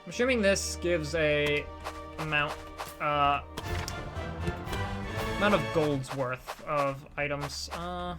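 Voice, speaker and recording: A man's voice: a little high, slow pace, long pauses, music in the background. A man streaming a video game, making casual asides and reading the story text aloud. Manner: casual, mumbling asides while playing.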